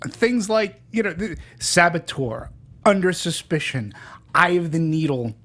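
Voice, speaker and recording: A man hosting a casual movie review podcast, chatty and halting, with frequent restarts. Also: a little high, sing-song, a bit bright. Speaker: podcast host.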